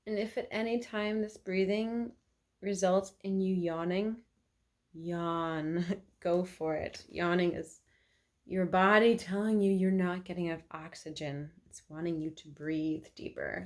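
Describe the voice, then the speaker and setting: A woman leading a guided meditation at home, talking in calm, gentle, unhurried instructions. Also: lowish voice. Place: indoors at home by an electric fireplace.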